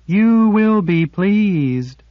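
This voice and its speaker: A man voicing a timid, cold female creature made of quicksilver, speaking slowly and distantly in a storybook reading. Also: high voice, no room sound, pitched above the performer's own voice. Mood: eager. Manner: slow, distant, wounded. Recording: dull lo-fi audiobook recording.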